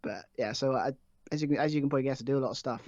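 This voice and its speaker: A man's voice: mid-range voice, very fast, darkish tone, no room sound. Man, chatty guest, rambling delivery, dry lo-fi sound. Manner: rambling, lots of fillers and restarts. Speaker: podcast guest. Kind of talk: casual chat.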